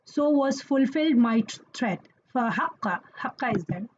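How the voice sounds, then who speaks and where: A woman's voice: a little high, expressive, brisk, hardly any pauses, a little mellow, muffled recording, a little hiss or hum. A woman teaching Quranic Arabic grammar in an online lesson, explaining patiently and checking in with listeners as she goes.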